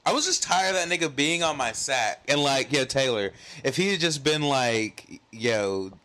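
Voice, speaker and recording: A young adult man co-hosting a podcast, telling a story in casual chat, animated and profane, with lots of "like". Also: mid-range voice, moderate pace. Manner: animated, profane, heavy use of "like". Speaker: podcast co-host.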